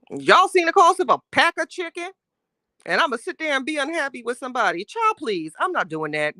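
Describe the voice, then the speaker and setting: A woman's voice: high voice, no room sound, clean studio sound. A woman hosting a casual livestream, reading chat and talking with sass, laughing often. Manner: sassy, animated, laughing often, Southern Black American slang.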